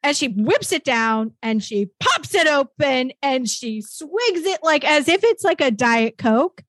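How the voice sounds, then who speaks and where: A chatty woman teacher talks casually with quick reactions, her voice sitting a little high. She is recorded close and dry. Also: expressive, fairly bright tone, no room sound. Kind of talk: casual conversation.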